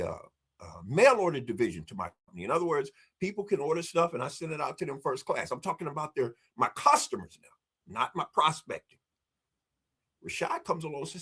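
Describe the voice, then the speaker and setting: Lively, husky-voiced man pitching marketing. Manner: emphatic, acts out dialogue, addresses the audience directly. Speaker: marketing strategist guest. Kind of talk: energetic podcast interview storytelling.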